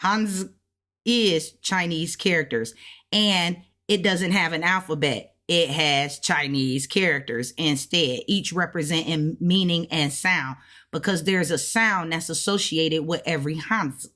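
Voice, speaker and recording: A woman's voice: low-pitched, measured pace, bright, forceful tone. A woman giving a casual self-taught language lesson, thinking aloud as she goes and repeating words to sound them out. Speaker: language learner teaching what she studies.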